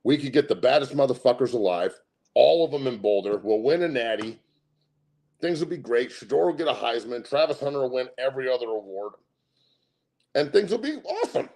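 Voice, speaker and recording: Gravelly, brash, profane host. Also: male voice, mid-range voice, a little fast. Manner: loud, brash and profane, laughs often. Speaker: sports show host. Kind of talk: profane casual sports commentary.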